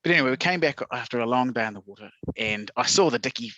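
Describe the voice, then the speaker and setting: A man's voice: medium pitch, expressive, quick pace, bright, forceful tone, no room sound. A man co-hosting a podcast, telling stories against himself in casual chat. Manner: self-mocking storyteller, laughs at himself. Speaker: podcast co-host. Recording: dull dry lo-fi recording.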